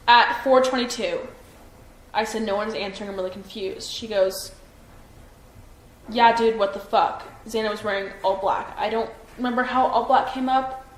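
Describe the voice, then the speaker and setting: A woman in her twenties talks haltingly through a recorded police interview, stopping and restarting. Her voice sits a little high. The room rings with echo under a faint hiss. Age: 20s. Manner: hesitant, many fillers and restarts. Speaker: witness being interviewed by police.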